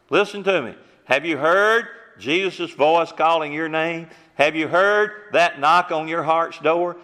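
Earnest preacher with a bright voice. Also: male voice, fairly high pitch, measured pace, few pauses, long reverb tail. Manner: earnest, repetitive, with many rhetorical questions. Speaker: pastor. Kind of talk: sermon.

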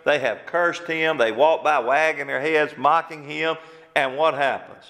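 A man's voice: fairly high pitch, steady tone, unhurried, a bit bright, big-room sound. A middle-aged man preaching a sermon emphatically, asking his listeners rhetorical questions.

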